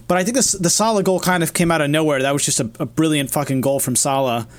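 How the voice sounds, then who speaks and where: A man's voice: on the high side, fast talker. A man in casual podcast chat, blunt and swearing freely. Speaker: podcast co-host.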